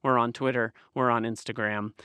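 A man's voice: medium pitch, moderate pace, clean tone, no echo, studio quality. A man co-hosting a movie podcast, chatting casually and joking around. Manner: animated, jokey. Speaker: podcast co-host and producer.

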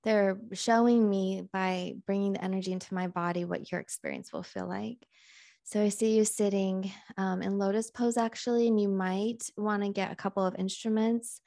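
A woman hosting a podcast, leading a guided channeling session in a calm, unhurried, musing way. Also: medium pitch, vocal fry, dry recording, clean studio sound.

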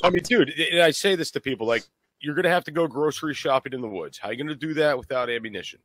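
A man's voice: fairly high pitch, quick pace, a bit bright, a little hiss or hum. A man on a podcast talking in a blunt, matter-of-fact way, swearing casually as he chats and gives prepping advice. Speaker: prepper guest co-host.

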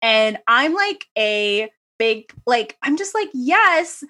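Woman podcast host, fairly high voice, casual and rambling, lots of laughs and asides. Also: slow pace. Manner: animated, rambling storyteller with laughs. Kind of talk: casual chat.

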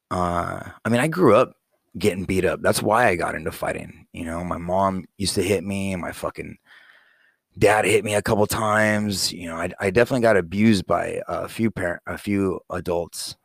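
A man's voice: fairly low pitch, gravelly, no room sound, studio quality. A man in his forties talking to his young daughter in a casual, heartfelt monologue, blunt and profane, rambling with many fillers. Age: 40s. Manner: blunt and profane, plain-spoken.

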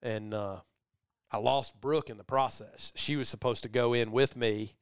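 A middle-aged man hosts a podcast, his medium-pitched voice smooth and at a moderate pace, recorded dry in studio quality. He's a rambling storyteller, spinning a long story in casual chat with animated voices for quoted people.

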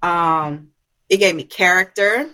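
Slow-talking, bright-voiced country woman. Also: lowish voice. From South Carolina, USA. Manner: unhurried, warm, drawn-out phrasing with many ums. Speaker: guest. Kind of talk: casual conversation.

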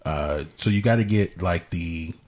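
A man's voice: low-pitched, measured pace, darkish tone. A man co-hosting a radio show, joking in a laid-back way and hedging with "like.". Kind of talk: casual banter.

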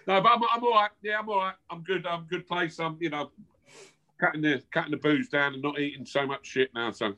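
Man in his fifties, South London accent, brash swearing banter, bright forceful voice, slightly high. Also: fairly even intonation, moderate pace, pauses often, poor audio. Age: 50s. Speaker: guest, former footballer. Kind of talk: casual chat. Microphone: video call.

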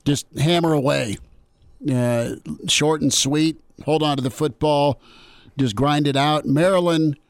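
A man's voice: on the high side, measured pace, dry recording, clean studio sound. A man hosting a sports radio show, talking casually and repeating words as he restarts. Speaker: radio host.

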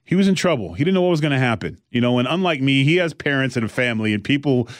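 A man in the middle of his range tells a road story with a wrestler's swagger. He keeps it casual and animated, and his voice sounds dry and close. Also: medium pitch, racing, no room sound. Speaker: podcast host.

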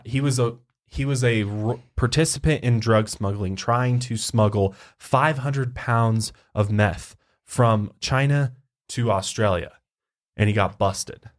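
A man co-hosting a podcast, talking in a loose, rambling way and swearing casually. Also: mid-range voice. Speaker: podcast co-host.

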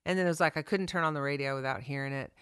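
Woman songwriter, interview guest; low voice, lively storyteller who plays out every character she mentions. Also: clear, resonant tone, dry recording, clean studio sound. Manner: animated storyteller, quick to act out the people she quotes.

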